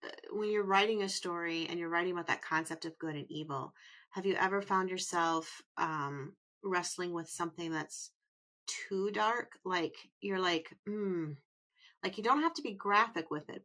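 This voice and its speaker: A woman hosting an interview, with a bright, forward voice that sits a little low. She keeps things friendly and moves along with follow-up questions. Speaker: guest host. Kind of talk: casual interview chat.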